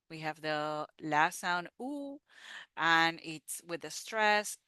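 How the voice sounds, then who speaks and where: A woman teaching beginner pronunciation, very slowly and repeating each word with care. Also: fairly low pitch, expressive, pushed and bright, clean tone, no echo. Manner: very slow, drawn-out words, repeats each word. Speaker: Spanish teacher. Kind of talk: slow pronunciation lesson.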